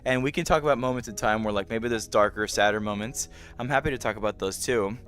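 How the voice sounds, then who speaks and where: A man's voice: fast talker, a bit bright. A young man casually chatting on a live stream, greeting viewers by name in a friendly, playful way. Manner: friendly, greets chat by name, playful meowing in a high squeak.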